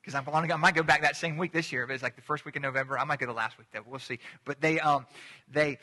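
A man's voice: a little high, fairly even intonation, fast talker, pushed and bright, long reverb tail. A middle-aged man preaching a casual, joking sermon as pastor, drawing the congregation in to repeat words with him.

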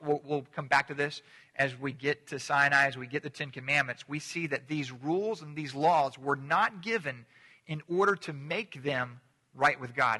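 A man's voice: fairly high pitch, bright, forceful tone. A man preaching a sermon as a pastor, in a conversational manner, often restarting and repeating words. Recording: long hall reverb.

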